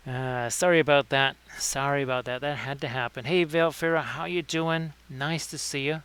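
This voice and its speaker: A man's voice: fairly high pitch, fairly even intonation, moderate pace, hardly any pauses, fairly bright tone, clear, resonant tone. A man hosting a casual livestream painting tutorial, chatting with viewers by name between painting tips. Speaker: miniature painting streamer.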